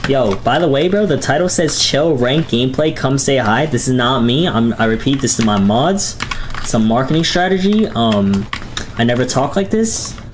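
A young man streaming a video game, chatting casually with viewers in slang and yelping high whenever the action heats up. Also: moderate pace, background noise. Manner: excitable, jumps to high yelps, casual slang. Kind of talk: casual live-stream chat while gaming. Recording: loud keyboard clicks behind. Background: keyboard typing.

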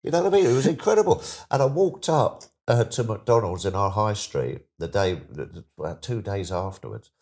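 A middle-aged man with a deep, low voice tells his stories in a loose, chatty way. He is an interview guest who keeps sliding into lively, excited voices when he acts out what people said. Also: a little fast, few pauses. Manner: chatty, animated anecdotes, slips into excited put-on voices. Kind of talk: casual storytelling interview.

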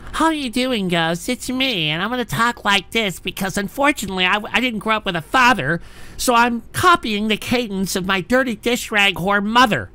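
A man voicing a male caller who mimics his mother's soft, lilting cadence in a put-on feminine way. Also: high-pitched, animated, normal speed, smooth, exaggerated voice. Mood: mocking.

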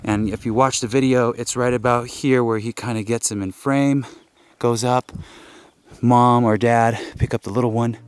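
A man's voice: medium pitch, steady tone, moderate pace, clear, resonant tone. A man hosting an outdoor walkthrough on a mountain trail, out of breath and pointing things out as he explains. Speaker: host, investigator. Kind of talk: casual on-site walkthrough.

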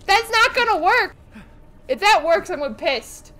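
A young woman streaming a horror game, jumpy and excitable, shrieking and swearing at the game as she plays. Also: very high-pitched, normal speed, background noise. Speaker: gaming streamer. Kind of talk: let's play commentary.

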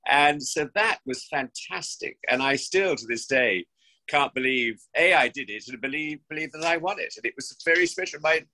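A man's voice: fairly high pitch, lively intonation, normal speed, bright, forceful tone, poor audio. A man in his sixties, an actor from England's West Country, chatting effusively and theatrically as an interview guest, with frequent restarts. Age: 60s. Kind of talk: remote interview chat. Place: home during lockdown.

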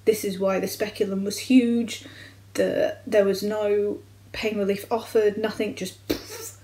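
A young adult woman vlogger, from the United Kingdom, recounting a personal medical experience in a candid, halting way with frequent restarts. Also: mid-range voice, steady tone, dark tone, poor audio. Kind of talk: personal storytelling vlog.

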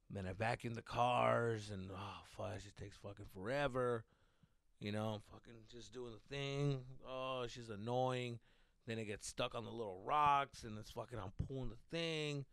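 A man's voice: lowish voice, a bit bright, no room sound. A man hosting a podcast, telling rambling, profane stories from home in a casual way. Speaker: podcast host. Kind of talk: casual storytelling.

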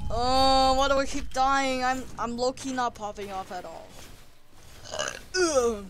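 A high, bright and lively voice from a gamer commentating live play. It trash-talks opponents, drops to low grumbles and then bursts into yells, at an unhurried pace. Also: a little hiss or hum. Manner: excitable, trash-talking, swings between mutters and yells.

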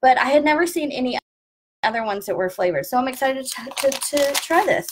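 A woman's voice: sits high, lively intonation, brisk, background noise. A woman, a former flight attendant chatting casually through an unboxing review and sharing travel tips. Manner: chatty, jokey, explains tips.

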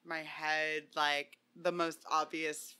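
Teasing young woman, bright voice. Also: sits low, little pitch movement, takes it slowly, clear, resonant tone. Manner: teasing, upfront. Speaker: podcast co-host. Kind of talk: casual chat.

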